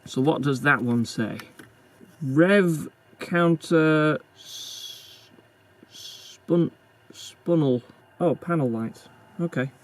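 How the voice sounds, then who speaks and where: A man's voice: fairly high pitch, very slow, pauses often. A man restoring a car, chatting and muttering to himself as he works, self-deprecating and casual. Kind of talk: casual narration while working on a car.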